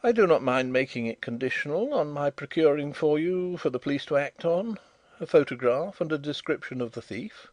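A man reading the part of a shrewd, good-humoured gentleman detective who speaks with assured, measured courtesy. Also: a little high, expressive, dry recording, natural voice.

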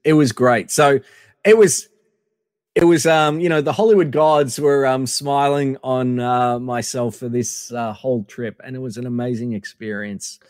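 A man's voice: mid-range voice, moderate pace, darkish tone, no room sound, studio quality, big-room sound. A man telling a long casual story as a podcast guest, full of fillers and acted-out quotes.

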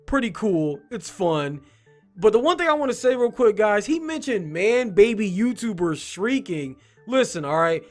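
A man hosting a video where he reads game reviews aloud and mocks them in a sarcastic, joking way. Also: high-pitched. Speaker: YouTube host. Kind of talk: reading and mocking game reviews.

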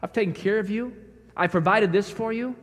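Pastor doing a soft tender father talking his son down, fairly high voice, long church echo. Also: a little fast, natural voice. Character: gentle loving father, older man. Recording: reverberant church sanctuary.

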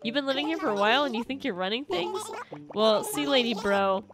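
A woman's voice: a little high, expressive, fairly quick, music in the background, lightly acted. A woman voicing a boastful young male rhino villager from a video game, talking with a swagger.

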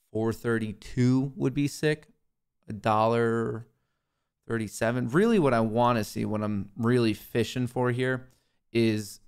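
Gravelly and fairly low-pitched, the voice comes from a young day trader hosting a live stream. He talks casually to himself and his audience, muttering and swearing at the market.

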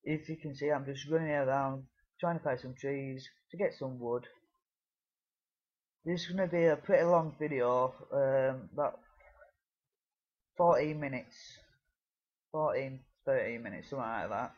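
A man's voice: mid-range voice, unhurried, pauses often, lo-fi sound. A British man giving casual gameplay commentary, rambling with many fillers and restarts. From United Kingdom. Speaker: gaming video creator.

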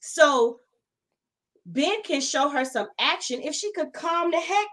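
A woman's voice: high-pitched, takes it slowly. A woman co-hosting a casual podcast, talking emphatically and with exasperation about a reality show. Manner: animated, emphatic, exasperated commentary. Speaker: podcast co-host.

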